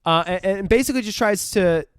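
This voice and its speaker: A man's voice: sits high, fairly quick, clear, resonant tone, no echo, clean studio sound. A young man co-hosting a podcast, retelling a film in a rambling, profane way and laughing often. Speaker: podcast co-host. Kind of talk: casual film review chat.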